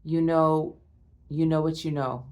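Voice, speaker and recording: A woman giving a spiritual tarot reading to her viewers, awed and emotional, repeating herself and often breaking off with a soft "wow.". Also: low-pitched, fairly even intonation, measured pace. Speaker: tarot reader.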